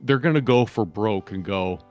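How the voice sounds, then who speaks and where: A man with a fairly low voice that swings widely in pitch as he chats on a live stream. He rambles, jokes and laughs often, with faint music playing behind him. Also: animated, moderate pace. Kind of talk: casual chat.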